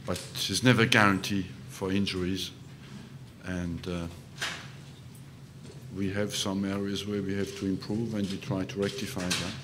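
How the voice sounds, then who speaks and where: An older man, a football manager, answering press questions slowly and hesitantly, with many fillers. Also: low-pitched, little pitch movement, background noise.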